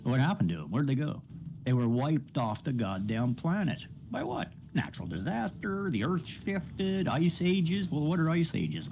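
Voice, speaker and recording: A man's voice: medium pitch, dark tone, poor audio. A man streaming games, going off on a rambling, profane rant and often laughing. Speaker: game streamer.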